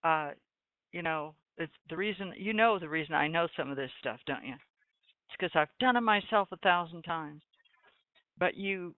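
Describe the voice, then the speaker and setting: A woman's voice: lowish voice, no room sound. Chatty woman on a tinny line. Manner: folksy and chatty, with dry sarcastic asides. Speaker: trading webinar host. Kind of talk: live market commentary. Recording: tinny phone-like line, dry.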